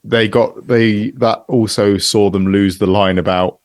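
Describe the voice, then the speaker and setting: A man's voice: on the low side, fairly even intonation, unhurried, no echo. A man co-hosting a podcast in casual chat, analytical and given to dry short quips. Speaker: podcast co-host.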